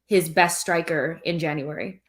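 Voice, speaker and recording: A woman's voice: low-pitched, moderate pace. A woman co-hosting a football live stream, talking at length in a casual way. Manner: talkative, explains at length with "like".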